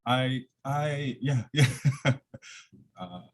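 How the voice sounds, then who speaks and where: A man's voice: medium pitch, drawn-out words. A man gives an academic lecture over a video call from his office, slightly out of breath, with many fillers and restarts. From Korea. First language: Korean. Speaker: guest lecturer.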